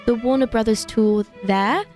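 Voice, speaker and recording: A woman's voice: a little high, normal speed, darkish tone, soft background music. A woman in her twenties, a podcast guest, chatting casually in a giggly, friendly, self-deprecating way. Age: 20s. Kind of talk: casual chat.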